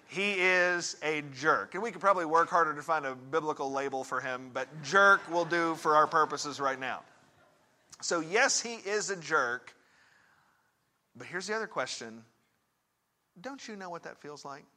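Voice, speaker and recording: A man preaching a sermon as a pastor and counselor, telling a story conversationally and putting direct questions to his listeners, swinging between hushed and emphatic. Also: a little high, animated, normal speed.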